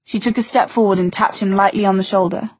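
A woman reads a novel aloud in a soft, intimate way, her voice husky and breathy. The audio is tinny and phone-like, and completely dry. Her pitch sits in a middle range. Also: steady tone, fast, dry recording. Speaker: audiobook narrator. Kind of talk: scripted narration.

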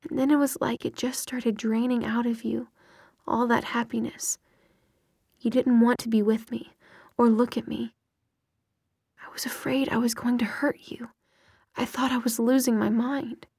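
A woman whispering the lines of an earnest, worried young woman, a whispered role-play in a soft breathy voice. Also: fairly high pitch, level tone, a little slow, long pauses, no room sound, clean studio sound.

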